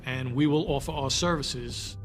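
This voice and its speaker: A man's voice: medium pitch, moderate pace. A man, a former police officer, recalling events in a plain, rueful, matter-of-fact way. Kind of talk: reflective interview storytelling. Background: music.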